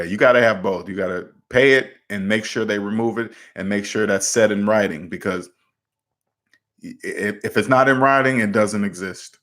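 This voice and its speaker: A man's voice: mid-range voice, fairly bright tone. A man hosting a livestream, answering viewer questions about debt in a direct, emphatic way and often repeating words. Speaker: debt advice host.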